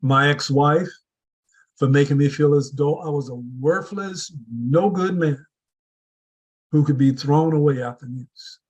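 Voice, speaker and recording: A man giving a deliberate motivational speech to a club audience, building his points with repeated rhetorical questions. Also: a little high, breathy edge, rough recording. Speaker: club speaker.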